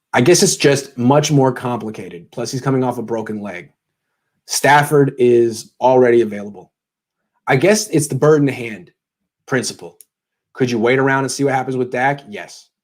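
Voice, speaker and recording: A man hosting a live sports Q&A, thinking aloud in a casual, conversational way with sarcastic asides. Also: medium pitch. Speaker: sports podcast host answering viewer questions.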